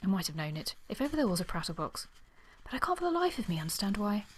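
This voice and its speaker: A woman reading a charming, amused gentleman aloud from a novel, in a light, teasing manner. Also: medium pitch, big pitch swings, fast talker, slight background noise, lightly acted.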